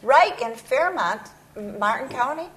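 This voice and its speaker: A woman co-hosting a morning show in a chatty, reactive way with quick interjections. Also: high-pitched, expressive, a crowd in the background, low-quality recording. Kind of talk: casual interview chat.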